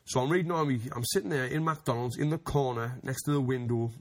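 A man's voice: mid-range voice, quick pace. Man, casual raconteur, rambling with restarts. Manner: rambling, frequent restarts, laughs while telling. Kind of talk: casual storytelling.

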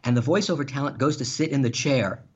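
A man telling stories in casual chat, animated and laughing, with some swearing. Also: medium pitch, quick pace, breathy edge. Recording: dull lo-fi sound.

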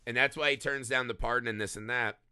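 A man hosting a casual film discussion podcast, animated and peppering his talk with "right?". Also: medium pitch, fast, smooth, no room sound. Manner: animated, swearing, frequent "right?". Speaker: podcast host.

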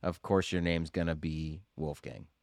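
A man's voice: rumbling low, fairly even intonation, normal speed, no echo. A man co-hosting a casual movie podcast, laid-back with a dry, teasing humor. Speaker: podcast co-host.

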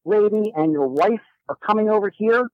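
A man's voice: high voice, lively intonation, normal speed, no echo, lo-fi sound, pitched above the performer's own voice. A man voicing a brusque, aggressive middle-aged woman with a Chicago accent. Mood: suspicious, bossy. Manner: aggressive, shouting.

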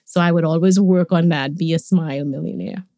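A woman, a podcast guest, tells stories about her family in a relaxed way and laughs often. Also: low-pitched, fairly quick, no echo, clean studio sound. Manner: warm reminiscing, laughs often. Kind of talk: conversational storytelling.

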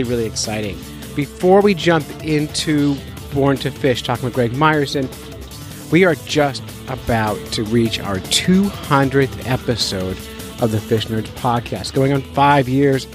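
A man hosts a casual fishing podcast with a loose, joking, self-mocking delivery. His voice sits at an ordinary middle pitch. Faint music plays underneath him. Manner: goofy, self-mocking, chatty. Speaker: podcast host.

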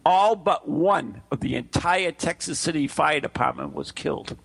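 A man's voice: a little high, moderate pace, creaky, a bit bright, breathy edge. A man co-hosting a casual chat show, rambling and teasing, often stumbling over his words. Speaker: podcast co-host. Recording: voice breaking up over an online call.

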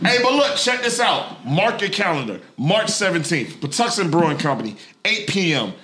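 A man in his forties hosting a casual live podcast with friends, loud and laughing as he hypes an event. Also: high voice, sing-song, moderate pace. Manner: loud, laughing, hyped promoter. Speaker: podcast host.

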